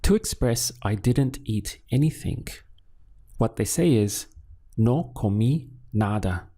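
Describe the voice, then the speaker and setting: A man's voice: lowish voice, expressive, takes it slowly, warm tone. A man teaching a language lesson, patiently asking how to say a phrase and then giving the answer himself. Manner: patient, asks questions then gives the answer.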